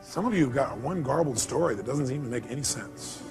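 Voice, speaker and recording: A man's voice: mid-range voice, expressive, brisk, over music. A male motivational speaker addressing a seminar audience, emphatic and punchy, throwing out rhetorical questions.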